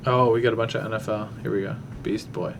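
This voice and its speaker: A man's voice: fairly low pitch, fairly even intonation, fast, noisy background. A man hosting a casual talk show, rambling through a fight breakdown while thinking aloud with many fillers. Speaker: podcast host.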